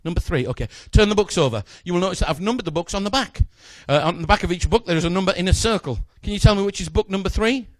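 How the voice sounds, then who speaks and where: Fast-talking magician, dry sound. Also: male voice, sits high, dry recording. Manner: playful, joking, chatty with a volunteer. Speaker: stage magician. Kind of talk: live comedy magic patter.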